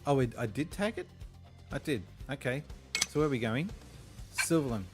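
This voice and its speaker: A man's voice: medium pitch, lively intonation, moderate pace, music in the background. A man, streaming a game and telling rambling, profane anecdotes with frequent chuckles. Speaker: gaming streamer. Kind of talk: casual gameplay chat.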